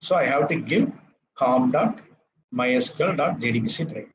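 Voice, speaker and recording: A man's voice: mid-range voice, lively intonation, normal speed, dull audio. A man with an Indian English accent teaching a live coding lecture. He repeats terms and checks in with "right?" after each step.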